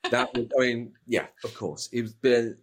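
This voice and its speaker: A man's voice: mid-range voice, measured pace. A middle-aged man with a British accent, chatting as an interview guest, rambling and often repeating words as he restarts thoughts. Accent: British English. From Britain. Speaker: actor guest. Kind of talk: casual interview chat.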